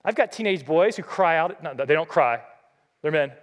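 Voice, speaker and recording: A middle-aged man preaching a sermon as a pastor, earnest and impassioned, swinging between loud emphatic lines and low quiet ones. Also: expressive, moderate pace.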